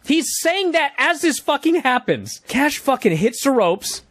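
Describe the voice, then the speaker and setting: Animated, swearing man telling a story. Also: very high-pitched, a little slow, hardly any pauses, no room sound, studio quality. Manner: profane, lively play-by-play retelling with acted-out quotes.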